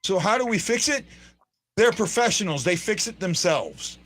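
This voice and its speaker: Excitable rambling man hosting a fan show. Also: sits high, moderate pace. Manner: excitable, rambling, frequent restarts and fillers. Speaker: fan podcast host. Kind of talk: casual live hockey commentary.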